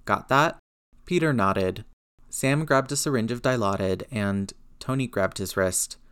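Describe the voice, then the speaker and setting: A man reading a story aloud, narrating in an even, steady way. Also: fairly low pitch, a little slow, clear, resonant tone. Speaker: reader. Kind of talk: reading fan fiction aloud.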